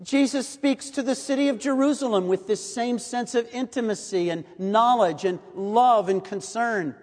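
A man preaching a sermon in a measured, earnest way, reading and explaining scripture. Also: extremely high pitch, a little mellow. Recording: long hall reverb.

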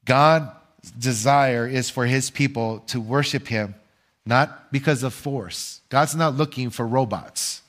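An older man delivers a sermon from the pulpit at a middle pitch. He preaches earnestly, posing questions to the congregation and pausing before he answers them himself. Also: a bit bright. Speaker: pastor.

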